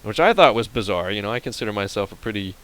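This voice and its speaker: A man's voice: lowish voice, expressive, fast talker, fairly bright tone, low-quality recording. A man from Pennsylvania commenting on a game and telling a rambling story to viewers in a casual, chatty way. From Pennsylvania, USA. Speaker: let's play host.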